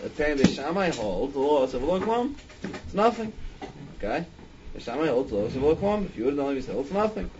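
A man's voice: fairly high pitch, big pitch swings, fairly quick, muffled recording, background noise. A man leading a Talmud study class, thinking aloud with frequent restarts and "I mean". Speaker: Talmud teacher.

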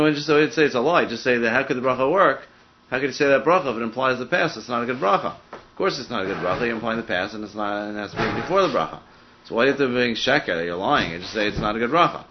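Fast-talking man teaching Talmud, lo-fi. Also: mid-range voice, a little hiss or hum. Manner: fast, thinking aloud with many "I mean" asides. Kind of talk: casual study-group teaching. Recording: dull lo-fi recording.

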